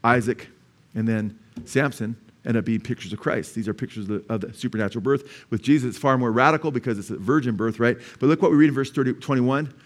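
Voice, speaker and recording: A man's voice: mid-range voice, fast talker. A pastor preaching a Bible teaching to his congregation, emphatic and full of rhetorical questions. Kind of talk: sermon. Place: church.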